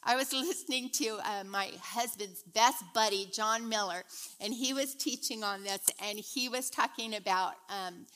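A middle-aged woman teaching a women's Bible study in a chatty, animated way, retelling stories as she goes. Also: fairly high pitch, unhurried. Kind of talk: casual devotional teaching.

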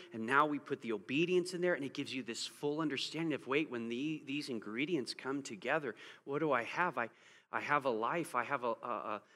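A man's voice: medium pitch, fairly bright tone, in a large hall. A man preaching a sermon to a congregation, pressing his points with rhetorical questions and rising emphasis. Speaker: pastor.

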